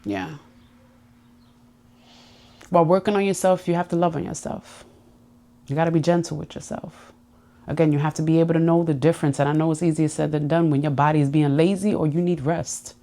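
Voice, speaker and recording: A woman's voice: deep voice, warm tone. A woman hosting her own podcast, talking through personal growth in a heartfelt, confiding monologue. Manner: heartfelt, confiding, emotional at times. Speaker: podcast host.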